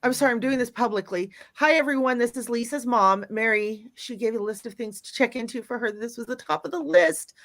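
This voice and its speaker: A woman's voice: a little high, brisk, hardly any pauses. A woman hosting a live chat, chatty and upbeat, addressing viewers and guests directly. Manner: warmly upbeat, chatty, reads viewer messages. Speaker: live-stream host. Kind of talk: casual live-stream hosting.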